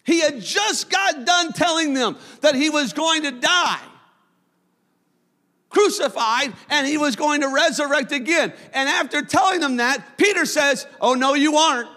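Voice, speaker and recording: A man preaching a sermon as pastor, with impassioned delivery that swells into shouts. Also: extremely high pitch, lively intonation, measured pace. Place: church sanctuary. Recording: long church hall reverb.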